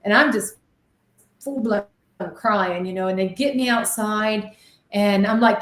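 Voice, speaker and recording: Excitable woman telling ghost stories. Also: medium pitch, a little slow. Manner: animated, excitable storytelling with dramatic re-enactments. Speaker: guest medium and ghost hunter. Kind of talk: storytelling in an interview. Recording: echoey room.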